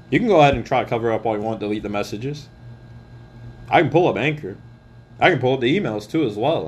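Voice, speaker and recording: A man's voice: mid-range voice, darkish tone, slight background noise. A man in his twenties delivering an angry, profane rant as a podcaster, swearing often and speaking straight to the listener. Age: 20s. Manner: heated, swears often, direct address.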